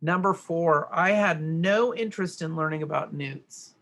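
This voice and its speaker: A little slow and low-pitched, a middle-aged teacher with a gravelly edge and a bright, forceful delivery leads a grammar worksheet lesson. Each answer gets a step-by-step explanation, often punctuated by "right?".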